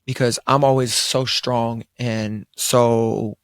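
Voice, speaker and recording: A man's voice: mid-range voice, level tone, slow pace, no echo, studio quality. A young man, telling a long personal story in a casual podcast chat, quoting himself often between fillers. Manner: laid-back storytelling, quoting himself, frequent fillers and restarts. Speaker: podcast co-host. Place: studio around a table.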